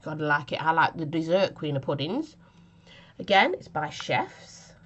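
A woman's voice: deep voice, very animated, normal speed, a bit bright, highs cut off. A woman chatting casually through a vape flavour review, giggly and self-mocking, with a cough from a chest infection.

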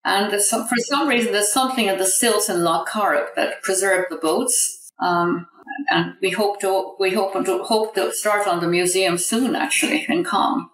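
A woman's voice: mid-range voice, normal speed, a bit bright, roomy sound, low-quality recording. An older Irish woman from Ireland, a designer guest telling rambling anecdotes with restarts and laughs. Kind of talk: casual interview storytelling.

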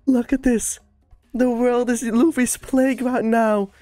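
Giddy, high-voiced woman reacting. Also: slow, faint music behind. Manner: excitable, laughs often, gushing exclamations. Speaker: reaction video host. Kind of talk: anime reaction commentary.

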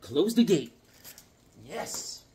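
A man in his fifties chatting casually about comic books to his viewers in a jokey, rambling, excitable way. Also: sits high, extremely slow, slightly rough. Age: 50s. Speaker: comic book vlogger. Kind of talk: casual chat to camera.

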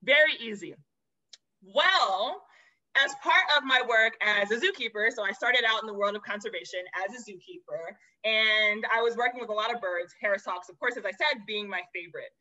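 Woman zookeeper guest, bright and expressive storyteller, slightly dull lo-fi audio. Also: fairly high pitch, normal speed. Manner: lively, expressive, addresses listeners as y'all. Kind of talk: animated storytelling.

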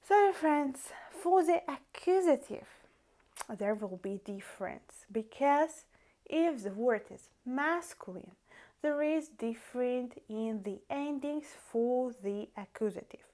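Calling her viewers dear friends, a Russian-accented woman teaches a language lesson at a slow, deliberate pace, frequently stopping to pronounce each word ending separately. Her fairly high voice has a dark tone and lively intonation.

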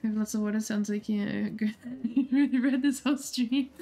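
Woman streamer reading a dating game out loud, playful, giggles at chat, faint music behind. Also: on the high side, steady tone, normal speed.

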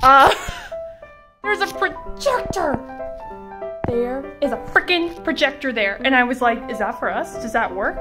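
A high-voiced woman talks to her camera in an excitable, gushing rush, piling up exclamations. She sounds like she's in a hotel room. Music plays underneath her voice. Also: unhurried. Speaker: vlogger. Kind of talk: casual vlog chat. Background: background music.

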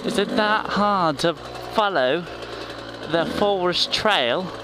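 A man's voice: high voice, slow. A man vlogging on a dirt bike in a goofy, rambling, self-mocking way, talking into a helmet mic on a forest trail. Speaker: motorcycle vlogger. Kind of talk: casual riding vlog chat. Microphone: helmet intercom mic. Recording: loud motorcycle engine noise outdoors.

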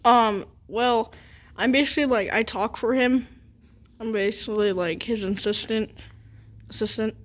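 Woman doing a chill animatronic bear translator for a toy skit; relaxed, filler-heavy. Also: a little high, normal speed, natural voice. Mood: laid-back. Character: animatronic bear assistant, laid-back translator. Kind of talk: toy skit role-play.

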